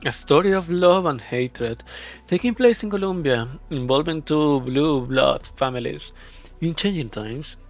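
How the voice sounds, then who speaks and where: A man's voice: a little high, animated, a little slow. Man voicing a formal auctioneer, announcing bids, showy, dull lo-fi recording, faint music.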